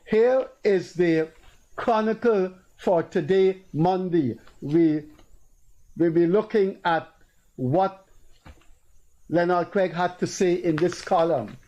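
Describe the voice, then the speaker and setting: Guyanese male host, high-pitched but mellow, emphatic storyteller. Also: slow pace, long pauses, highs cut off. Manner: storytelling, acting out quoted people in a raised voice. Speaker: talk show host. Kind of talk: casual political commentary.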